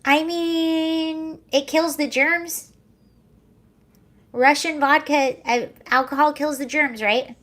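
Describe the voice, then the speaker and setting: Young woman livestreaming, high voice, sarcastic and giggly, reading chat comments. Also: fairly even intonation, slow pace, fairly bright tone. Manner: sarcastic, laughing, chatty. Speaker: livestream host.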